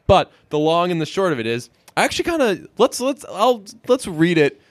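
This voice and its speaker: A man's voice: high-pitched, very animated, a little fast, no echo. A man co-hosting a casual comedy podcast, rambling and joking as he reads headlines aloud. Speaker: podcast co-host. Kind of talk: casual chat.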